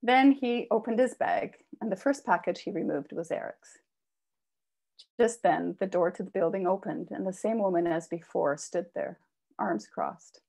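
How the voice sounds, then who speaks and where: A woman author reading a personal memoir aloud with expressive delivery. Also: medium pitch, moderate pace, gravelly. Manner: expressive reading, raises voice for quoted shouts. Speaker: author reading her work.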